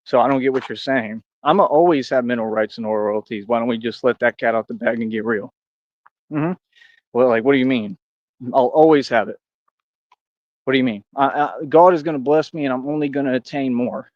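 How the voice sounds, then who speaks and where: A man's voice: mid-range voice, brisk, no echo, dull audio. A man in a rambling livestream rant, boastful and combative, talking straight at his critics. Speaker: streamer.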